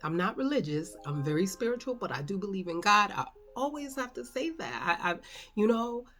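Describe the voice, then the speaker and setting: A woman's voice: medium pitch, very animated, brisk, fairly bright tone, soft background music. A middle-aged woman talking candidly and emotionally at home in an unscripted personal vlog, rambling with many fillers. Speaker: vlogger. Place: at home indoors.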